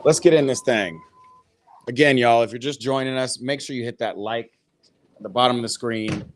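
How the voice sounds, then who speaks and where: A man with a mid-range voice talks at a normal speed while running a laid-back football watch-party live stream. He chats loosely with his viewers, cursing occasionally, first in a backyard and then indoors.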